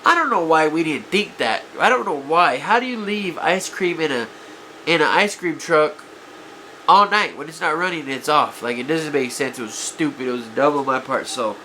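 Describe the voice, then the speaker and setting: With a slightly high, sharp voice and lively intonation at a moderate pace, a man vlogger shares past stories confessionally, full of regret and self-criticism. He keeps saying "guys" and "you know," his voice affected by allergies, and there's a little hiss or hum.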